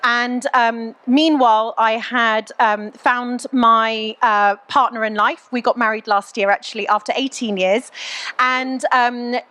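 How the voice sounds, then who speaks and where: A woman's voice: fairly high pitch, fairly even intonation, a little slow, pushed and bright. A middle-aged woman telling her story in a frank, chatty way at an onstage Q&A, with lots of ums and you-knows. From England. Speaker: guest entrepreneur.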